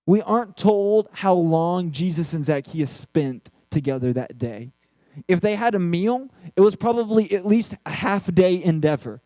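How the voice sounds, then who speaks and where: Man, preacher, high pitch, dry close sound, earnest animated sermon, quick restarts. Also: dry recording. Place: church.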